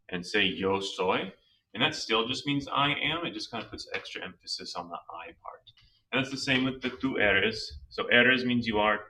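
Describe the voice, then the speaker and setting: A man teaching a slow, patient language lesson, talking through each step of his reasoning. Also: fairly low pitch, sharp tone, distant mic, low-quality recording. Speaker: Spanish teacher.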